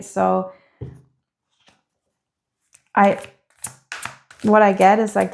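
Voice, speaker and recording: A woman giving a spoken tarot reading in a gentle, heartfelt way, hesitant and full of filler words. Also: on the low side, creaky. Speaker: tarot reader.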